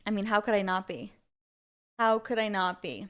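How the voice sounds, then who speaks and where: A young woman talks through a casual livestream, slightly out of breath. Her delivery is chatty and loose, full of quick asides to the viewers. She sits close to a desktop mic. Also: medium pitch. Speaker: livestream host.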